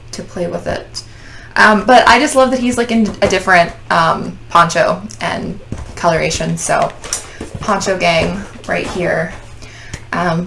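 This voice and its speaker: A woman hosts a casual unboxing chat, talking in a gushing, sentimental way with many ums. Her voice has a gravelly fry. Clear clicking noises sit behind her voice. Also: lowish voice, noisy background. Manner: gushing, sentimental fan talk with many fillers. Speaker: podcast host.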